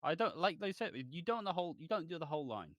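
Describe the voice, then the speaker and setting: A man's voice: on the high side, sing-song, quick pace, dry recording, clean studio sound. A man co-hosting a podcast, rambling and hesitant in casual chat about a soap, with sudden bursts of exasperation. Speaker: podcast co-host.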